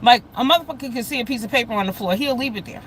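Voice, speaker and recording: A woman's voice: on the high side, racing, a bit bright, slight background noise, low-quality recording. A middle-aged woman hosting a casual livestream, talking bluntly and with heavy profanity and greeting viewers by name as they join. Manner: blunt, profane, heated storytelling. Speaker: livestream host.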